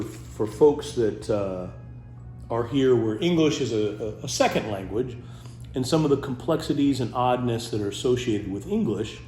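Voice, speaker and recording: Animated man hamming it up. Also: medium pitch, roomy sound. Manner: animated, silly, keeps breaking into goofy voices. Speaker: comedy host. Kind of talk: playful comic monologue to camera.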